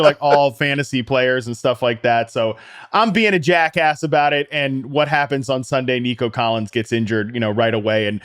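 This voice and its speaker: A man co-hosting a fantasy football show, telling quick, self-mocking stories in casual chat. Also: mid-range voice, a bit bright, clean tone, dry recording, studio quality. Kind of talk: casual sports analysis chat.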